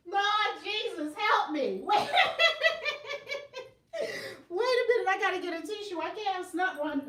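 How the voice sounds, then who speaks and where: A woman hosting a tarot video, chatting casually to her viewers and often breaking into loud laughter. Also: extremely high pitch, moderate pace, reverberant, far from the mic. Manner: animated, laughing loudly, exclaiming often. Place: room at home.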